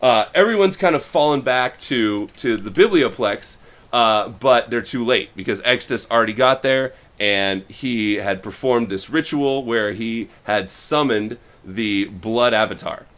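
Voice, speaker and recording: A man co-hosting a podcast, casually retelling a story and acting out the characters' lines in quick little voices. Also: mid-range voice, fairly bright tone. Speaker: podcast co-host.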